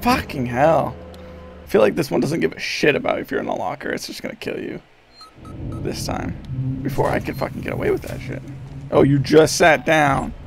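Profane, excitable male streamer, gravelly voice. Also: fairly high pitch, a little fast, faint music behind. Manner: profane, excitable, talks to himself and the game. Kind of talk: live gameplay commentary.

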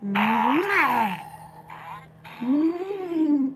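A woman in casual, rambling chat, excitable and giggly, often restarting her sentences. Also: extremely high pitch, slow pace, background noise. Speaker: store vlogger.

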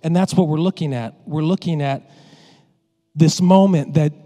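A male pastor preaching a sermon in an animated, joking way, talking straight to his congregation. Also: a little high, moderate pace.

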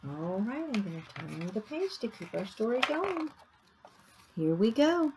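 A woman teacher reading a picture book aloud to young children, animated and asking them questions along the way. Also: on the high side, a little slow, background noise. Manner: animated, asks the listener questions, gasps.

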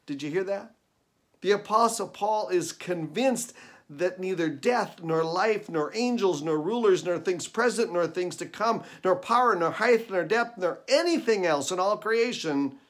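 In a recorded devotional video, a pastor with a high-sitting, fairly bright voice delivers an earnest, emphatic sermon. He preaches with repeated phrases for emphasis.

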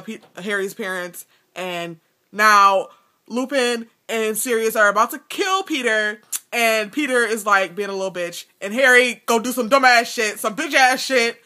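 A woman's voice: a little high, bright, forceful tone. A woman casually introducing a book scene she is about to read, blunt and profane. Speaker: reader. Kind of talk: casual book reading aloud.

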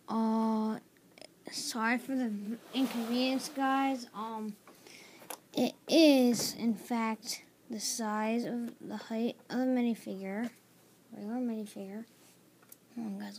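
A woman's voice: fairly high pitch, a little hiss or hum. A woman hosting a casual building tutorial, hesitant and filler-heavy, often apologizing, recorded on a tablet's built-in mic. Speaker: tutorial host. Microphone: tablet camera mic.

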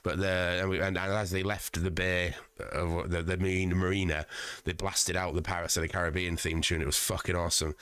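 A man's voice: sits low, little pitch movement, brisk, a bit bright, smooth, no echo. A man streaming live from home, chatting casually with a profane, rambling manner and stuffed up with a cold. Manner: profane, rambling, chuckling at his own jokes. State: congested with a cold.

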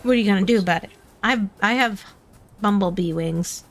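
A woman's voice: mid-range voice, brisk, noisy background. A young woman streaming a game, chatting playfully and teasing, often repeating herself. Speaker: gaming streamer. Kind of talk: casual gaming banter.

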